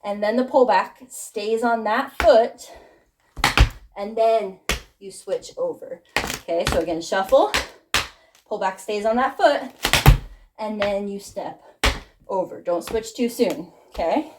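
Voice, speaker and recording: A woman tap dance teacher walks through a step, counting it out loud in a friendly, encouraging voice, a little out of breath from dancing. Her voice sits at an ordinary middle pitch, and tap shoe clicks and steady background noise come through the recording. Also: measured pace, long pauses. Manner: friendly, encouraging, laughs at her own slips. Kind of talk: instructional tutorial, counting steps aloud. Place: dance studio.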